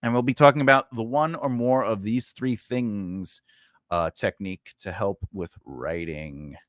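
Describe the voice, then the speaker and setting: A man's voice: fairly low pitch, a little slow, fairly bright tone, no room sound, clean studio sound. A man hosting a casual live stream as a writing coach, chatty and rambling, with plenty of fillers, repeats and playful asides. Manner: playful, laughs often and reacts to the viewer chat.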